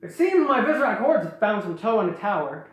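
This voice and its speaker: A theatrical, gloating villain king who barks commands to his spider army, put on by a podcaster. The voice is pitched up and hammy, with a roomy echo around it. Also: very animated, brisk, natural voice.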